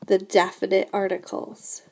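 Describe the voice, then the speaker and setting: A woman teaching a recorded French lesson, explaining grammar slowly and patiently, often repeating "remember" and "so again". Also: medium pitch, completely flat delivery, gravelly, darkish tone.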